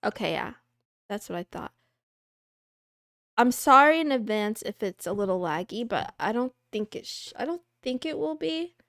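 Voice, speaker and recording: A young woman hosting a casual livestream, chatting and answering viewer questions in a soft, rambling, self-deprecating way. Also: on the high side, big pitch swings, moderate pace, no echo, clean studio sound.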